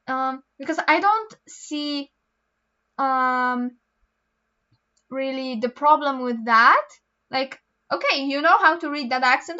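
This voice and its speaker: A woman's voice: sits high, takes it slowly, pushed and bright, highs cut off. A teenage girl with a Polish accent, rambling casually through homework with lots of ums and restarts. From Poland. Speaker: vlogger. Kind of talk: casual chat while doing homework.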